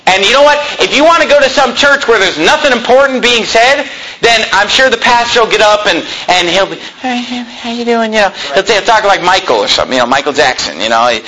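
A male pastor preaching a sermon in a loud, yelling style, in a church room with no sound system. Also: sits high, expressive, quick pace, slight background noise, rough recording. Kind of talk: fiery sermon.

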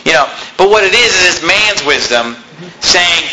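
A man's voice: high-pitched, lively intonation, normal speed, sharp tone, a little hiss or hum, rough recording. A man preaching a sermon in a church, talking in a conversational way with folksy asides. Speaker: pastor.

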